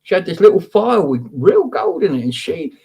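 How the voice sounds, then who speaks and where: A man's voice: high voice, huge pitch swings, fairly quick, creaky, warm tone, slightly rough. A man from Wales hosting a casual live show, chatting and greeting viewers by name. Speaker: host. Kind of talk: casual live-stream chat.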